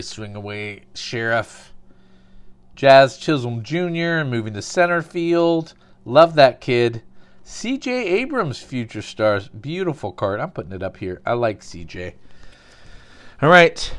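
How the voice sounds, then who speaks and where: A man's voice: mid-range voice, clean tone. A man casually narrating a card opening, calling out cards and telling dry, absurd little stories between pulls.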